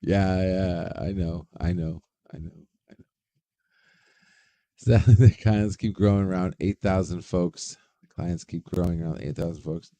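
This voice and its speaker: A man's voice: deep voice, steady tone, slow pace, warm tone, no room sound. A man hosting a casual livestream, rambling, swearing freely and greeting chat viewers by name. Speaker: livestream host.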